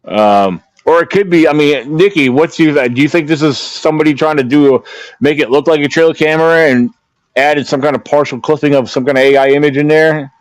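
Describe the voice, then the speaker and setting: A man's voice: fairly high pitch, fairly quick, no echo. A man co-hosting a podcast, chatting casually and rambling with many fillers and restarts. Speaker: podcast co-host.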